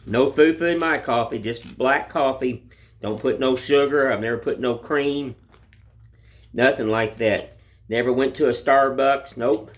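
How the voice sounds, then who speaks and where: A middle-aged man, chatting in a folksy, rambling way while whittling, filmed on a phone. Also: mid-range voice. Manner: folksy, rambling, plain-spoken. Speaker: woodcarving vlogger. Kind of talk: casual chat while whittling. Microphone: phone camera.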